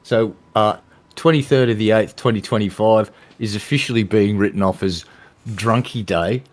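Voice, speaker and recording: Australian guy, lowish voice, crude joking banter, swears freely. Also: moderate pace. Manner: crude, swears a lot, jokey. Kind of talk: casual banter while drinking.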